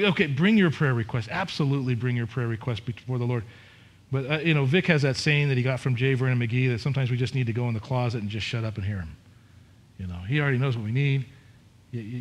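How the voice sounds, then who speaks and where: A middle-aged man preaching a sermon as pastor, candid and conversational, with frequent restarts and repetitions. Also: medium pitch.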